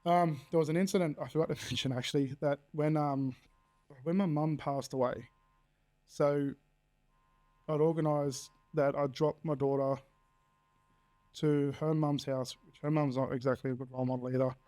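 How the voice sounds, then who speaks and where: This Australian podcast guest, a man in his thirties, speaks in a warm, steady voice on the high side at a normal speed. He tells his own story bluntly and candidly, swearing freely and performing the dialogue he quotes.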